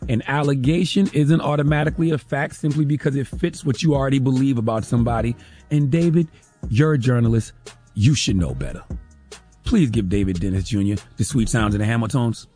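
Emphatic husky-voiced male commentator. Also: medium pitch, brisk, dark tone, faint music behind. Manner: emphatic, repeats "okay?", sarcastic. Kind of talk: opinion commentary.

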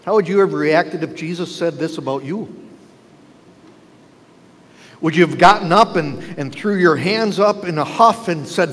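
A man's voice: fairly high pitch, measured pace, long pauses, fairly bright tone. Man preaching in a reverberant church. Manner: preaching with rhetorical questions to the congregation. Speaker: pastor. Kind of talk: sermon. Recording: long reverb with faint ambience.

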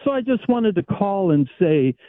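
A man calling in to a sports radio show and speaking in a slow, drawn-out way. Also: sits high, very animated, no echo. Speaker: caller. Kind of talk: phone-in chat. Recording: tinny phone line.

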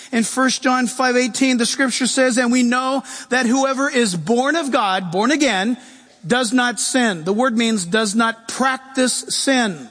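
A man preaching a sermon as pastor, animated, swinging between loud emphasis and quiet asides. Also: extremely high pitch, long reverb tail.

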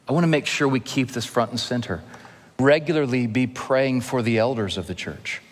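A male pastor preaching an earnest expository sermon, slowing down to stress key phrases. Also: mid-range voice. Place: church sanctuary. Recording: long hall reverb.

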